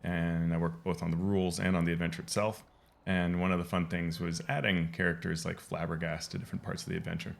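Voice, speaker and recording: A man talks through a game's lore in loose, casual commentary, often doubling back on his words. His voice sits deep and low. It carries a gravelly rasp at the ends of his phrases. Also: flat delivery, quick pace. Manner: rambling, full of ums and restarts, explanatory. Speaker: game lore video host.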